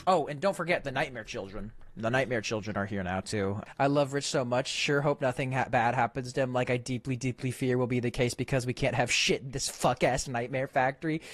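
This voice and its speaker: A man's voice: medium pitch, fairly quick, no echo. A man giving ranting let's-play commentary, sarcastic and exasperated, swearing freely. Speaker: gaming commentator.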